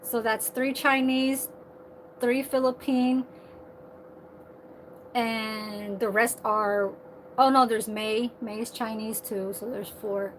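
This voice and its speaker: A woman's voice: a little high, steady tone, slow pace, long pauses, slight background noise, poor audio. A woman vlogging in a casual, rambling monologue, swearing freely and laughing at her own asides about working as a server. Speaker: server at a senior living community.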